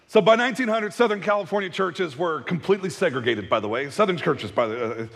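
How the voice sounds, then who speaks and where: A male pastor giving a casual, conversational sermon, chatty with joking asides and quick acted-out voices. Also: a little high, lively intonation, gravelly, fairly bright tone, big-room sound. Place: church hall.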